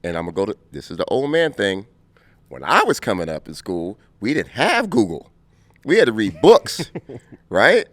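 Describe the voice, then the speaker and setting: Low-voiced, lively man in his fifties. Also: moderate pace, dry recording. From Compton, California. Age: 50s. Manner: animated, laughing storyteller who acts out scenes. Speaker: guest. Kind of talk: casual interview storytelling.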